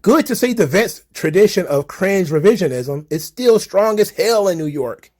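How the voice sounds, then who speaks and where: A man's voice: high voice, expressive, moderate pace, darkish tone. A young adult man hosting a wrestling commentary channel, casually reacting to viewer comments with sarcasm, frequent laughter and casual swearing.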